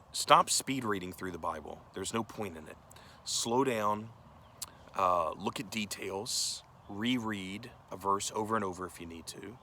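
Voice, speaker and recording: A man's voice: deep voice, sharp tone, slight background noise. A male pastor giving a conversational sermon, earnest and direct, often asking the listeners questions.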